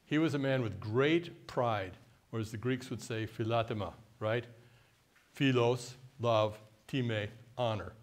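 An older man from the United States, giving a conversational workshop talk and often quizzing the audience with questions. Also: medium pitch. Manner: mimics a haughty deliberate voice at times. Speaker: workshop speaker.

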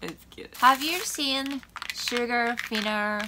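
A woman's voice: fairly high pitch, slow, noisy background. A woman vlogger chatting casually to her viewers about her shopping haul, bubbly and gushing. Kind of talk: casual chat to camera.

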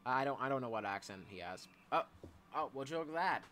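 Profane excitable gaming man. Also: mid-range voice, fairly quick, slight background noise. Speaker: gaming YouTuber. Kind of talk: gameplay commentary.

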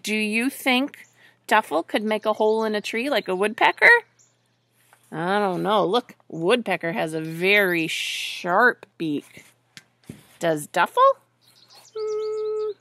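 A woman reading a picture book aloud to children, gently asking them questions along the way. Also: medium pitch, expressive, unhurried, no room sound.

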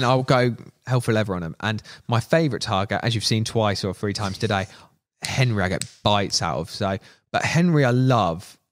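A man, a podcast guest, telling animated anecdotes in casual chat, swearing freely and acting out quoted voices. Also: fairly low pitch, no room sound, studio quality. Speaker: podcast guest, media manager.

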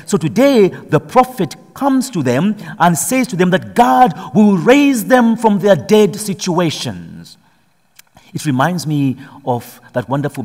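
Speaking in a large hall, this priest has a fairly high, slightly mellow voice. He begins with a slow, solemn Gospel reading and builds into forceful preaching, lifting his voice to drive each point of the homily home.

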